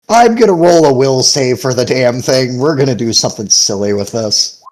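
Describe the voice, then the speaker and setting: A man's voice: mid-range voice, rough recording. A young man acting as game master, casually narrating a tabletop game and laughing often.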